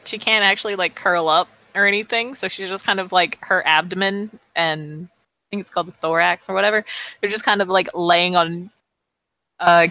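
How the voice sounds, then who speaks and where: A woman chatting casually and playfully while playing a tabletop role-playing game, rambling and excitable. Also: on the low side, poor audio. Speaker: player in a tabletop role-play. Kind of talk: casual in-character role-play chat.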